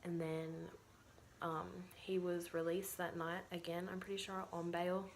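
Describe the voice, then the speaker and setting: Australian woman vlogger, casual storyteller, slightly low pitch, chatty with fillers and cursing. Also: little pitch movement, unhurried, slight background noise. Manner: chatty, full of "like" and swearing.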